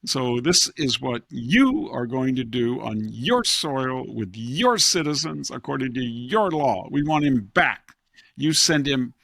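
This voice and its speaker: A blustering, pompous politician , mockingly put on by a man, lectures in an overbearing tone. The voice is gravelly and dry, and it sits at a middling pitch. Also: big pitch swings, takes it slowly, fairly bright tone, dry recording, heavily acted. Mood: condescending.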